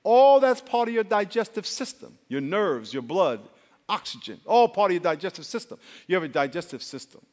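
A man preaching a sermon as pastor, animated and leading call-and-response with the congregation. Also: sits high, moderate pace. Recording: long hall reverb.

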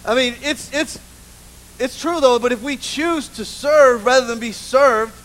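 A man preaching a sermon in church, an animated, humorous storyteller who keeps saying "you know". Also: very high-pitched, unhurried, poor audio. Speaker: pastor. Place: church with a live congregation.

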